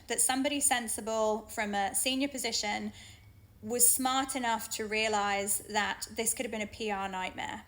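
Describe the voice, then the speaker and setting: A woman's voice: on the high side, fairly bright tone. A young British woman telling a personal story straight to camera in a frank, earnest way. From Britain. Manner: earnest, frank, with pauses and restarts. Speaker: vlogger.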